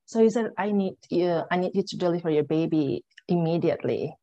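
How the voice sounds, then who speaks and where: A woman's voice: fairly low pitch, fairly quick, warm tone, lo-fi sound. A young woman telling her own story as an interview guest. She acts out what she and others said and leans on filler words. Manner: loose phrasing with many "like" and "you know" fillers. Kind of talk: personal storytelling in conversation.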